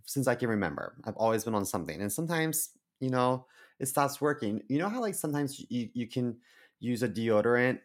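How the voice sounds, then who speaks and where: A man's voice: mid-range voice, sing-song, a little fast. A man co-hosting a podcast, chatting casually and candidly over a remote call, full of fillers and restarts. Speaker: podcast co-host. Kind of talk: casual chat.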